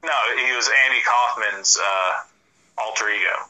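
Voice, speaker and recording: A man's voice: fairly low pitch, normal speed, bright, forceful tone, poor audio. A man co-hosting a casual wrestling chat, joking and rambling with frequent restarts. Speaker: podcast co-host.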